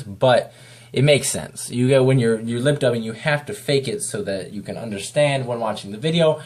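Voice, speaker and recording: A man talks through a video review in a loose, unscripted way. He wanders from point to point at an ordinary pitch and keeps a relaxed, chatty tone throughout. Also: a little fast. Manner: rambling, loose and off the cuff. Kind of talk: casual spoken review.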